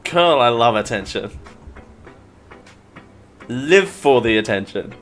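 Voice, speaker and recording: Slow-paced and expressive, a mid-range, fairly bright male voice carries an Australian accent over slight background noise. He's a podcast host doing relaxed live-show banter, rambling, self-deprecating and full of restarts.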